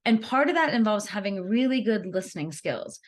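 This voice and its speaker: A woman giving a networking skills workshop, talking in an animated, conversational way and laughing easily as she acts out examples. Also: medium pitch, brisk. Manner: laughs easily while explaining. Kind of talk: workshop presentation.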